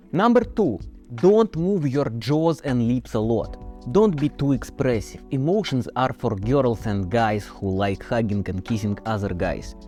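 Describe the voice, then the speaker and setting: Deadpan Russian-accented man. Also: medium pitch. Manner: deadpan, mock-stern. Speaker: English teacher. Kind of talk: comedic tutorial.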